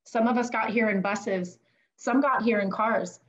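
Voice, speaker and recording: A woman's voice: fairly high pitch, steady tone, unhurried. A woman, a former teacher and children's book author, reads her picture book aloud in a teacherly way. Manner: teacherly read-aloud delivery. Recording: dull lo-fi audio.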